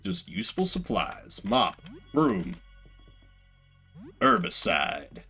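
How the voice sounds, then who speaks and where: An animated man narrating his own playthrough in a chatty, self-mocking way. His voice is bright and forward, and it swings widely in pitch. Faint game music plays underneath. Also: slow, gravelly, slightly rough. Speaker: streamer playing a horror game. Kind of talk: let's play commentary.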